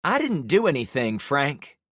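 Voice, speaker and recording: Strained young woman, pleading, loud, higher, man reading, audiobook. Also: huge pitch swings, a little slow, no echo, studio quality, exaggerated voice. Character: younger woman in a frantic fight.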